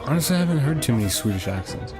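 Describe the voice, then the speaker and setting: A man live-streaming a game, chatting casually, thinking out loud, swearing and repeating himself. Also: medium pitch, sing-song, rapid-fire. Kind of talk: casual live-stream chat while gaming. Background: game music.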